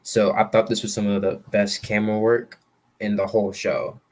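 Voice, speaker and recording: A man's voice: fairly low pitch, little pitch movement, darkish tone. A male podcast guest in casual chat, an eager fan who keeps agreeing. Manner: enthusiastic fan, quick agreeing interjections.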